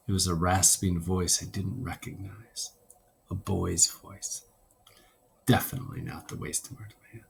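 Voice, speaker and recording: A male teacher reads a novel to his class at a leisurely storytelling pace, giving voice to the characters' dialogue before handing out an assignment. His voice is deep, gravelly and husky, with a level tone.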